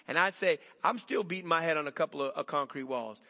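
A male pastor preaching a sermon in an animated way, asking the congregation rhetorical questions. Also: on the high side, fast talker, few pauses. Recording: long hall reverb.

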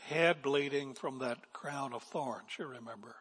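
Slow, husky older preacher in a hall. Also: male voice, medium pitch. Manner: emphatic preaching, swinging from loud declarations to hushed asides. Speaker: pastor. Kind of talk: sermon. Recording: long reverb of a large hall.

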